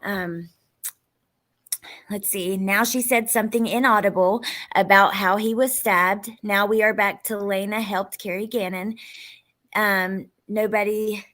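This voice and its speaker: A woman's voice: mid-range voice, steady tone, measured pace, fairly bright tone. Chatty woman hosting a true crime stream. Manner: chatty, rambling, with frequent ums. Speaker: true crime livestream host. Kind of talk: casual livestream commentary.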